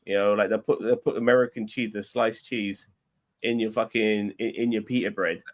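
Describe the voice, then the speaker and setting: A man's voice: on the low side, steady tone, moderate pace. A man hosting a casual chat, rambling and repeating himself as he talks. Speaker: podcast host.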